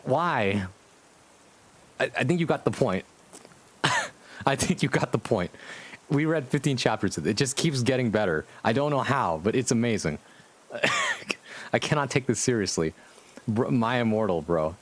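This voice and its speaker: A man hosting a casual live stream as a VTuber, with a somewhat low voice. He talks to his viewers in an amused, rambling way and swears freely. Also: expressive, a little slow, long pauses.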